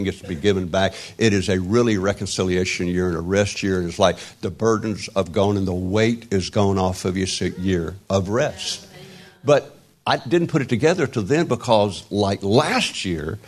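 A man in his sixties preaching an informal sermon, rambling and halting with many restarts and wry self-deprecating humor. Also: low-pitched. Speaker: pastor.

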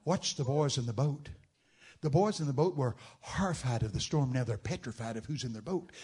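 A man preaching a sermon, telling Bible stories with dramatic shouted outbursts. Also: mid-range voice, lively intonation, fairly quick, slightly rough. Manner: dramatic storytelling, bursts into loud shouted quotes.

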